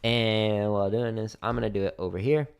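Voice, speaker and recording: A man runs a casual livestream Q&A from his home drum studio, explaining rudiments between practice runs and laughing easily. His lowish voice is clear and resonant with some vocal fry, and he talks fairly quickly. He's relaxed, laughs often, and hums drum patterns.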